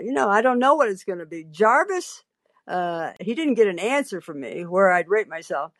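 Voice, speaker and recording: A woman's voice: mid-range voice, dry recording. Wry storytelling woman, dry close sound. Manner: wry, theatrical, quotes people in dialogue. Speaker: podcast host. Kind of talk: storytelling monologue.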